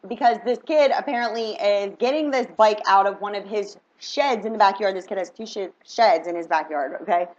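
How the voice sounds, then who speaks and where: A middle-aged woman telling a story in a casual, animated vlog, chatty and full of "like" and "right?". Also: mid-range voice, brisk, hardly any pauses. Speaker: vlogger. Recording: dull lo-fi recording.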